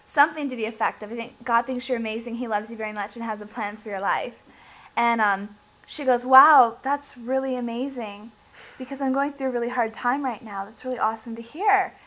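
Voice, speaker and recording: A woman telling a story in a casual, animated way, her voice jumping up when she gets excited. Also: fairly high pitch, brisk, poor audio. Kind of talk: casual testimony.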